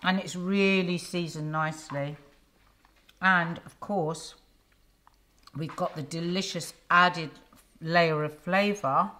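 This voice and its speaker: A woman's voice: lowish voice, bright, forceful tone. A middle-aged woman chatting affectionately while hosting a cooking demonstration in her home kitchen. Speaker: cooking show host. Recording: noisy kitchen with sizzling. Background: frying and sizzling.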